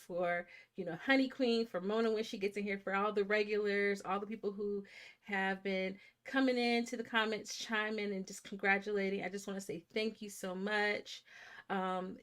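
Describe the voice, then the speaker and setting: A woman's voice: medium pitch, a bit bright. A woman in her thirties hosting a live movie watch stream in casual chat, a little congested from a sinus infection and greeting viewers by name.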